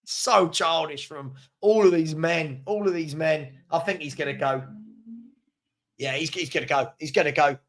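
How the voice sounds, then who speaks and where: High-voiced man hosting a watchalong. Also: normal speed. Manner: animated, reacts to live chat, chuckles often. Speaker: host of a football fan watchalong. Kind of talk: live watchalong chat and match reaction.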